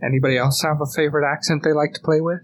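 A man's voice: on the high side, flat delivery, racing, slight background noise. A man co-hosting a podcast, telling long stories in casual chat, laughing often and restarting his sentences. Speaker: podcast co-host.

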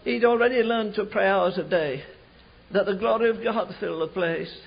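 A man preaching a sermon, telling a revival story in an animated way, slowing and rising for emphasis. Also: high voice, creaky, slightly rough. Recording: dull lo-fi recording.

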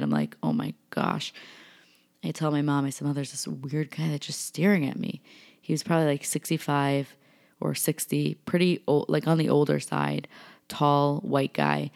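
A young woman from New York telling a personal story in an animated way, full of fillers and acted-out quotes. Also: sits low, vocal fry. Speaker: vlogger.

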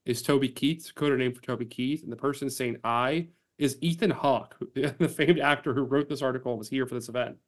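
Male podcast host, mid-pitched voice, relaxed sports chat, quick to laugh and animated. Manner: animated, laughs easily, reads aloud with gusto.

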